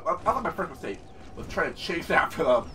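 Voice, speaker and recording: Loud hammy young man gaming. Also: on the high side, big pitch swings, brisk. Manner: hammy, shouting catchphrases and swearing. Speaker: gameplay streamer. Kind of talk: loud gameplay commentary. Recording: distant mic with game music behind.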